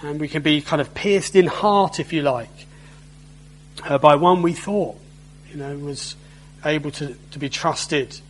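A man's voice: a little high, unhurried, slight background noise, low-quality recording. A man preaching a sermon in a conversational way, often asking his listeners tag questions.

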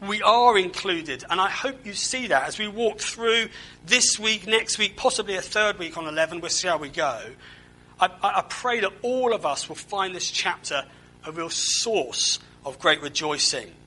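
A man's voice: high-pitched, lively intonation, normal speed, bright, forceful tone, rough recording. A man preaching a conversational sermon, asking the congregation questions and often repeating words as he goes. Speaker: pastor.

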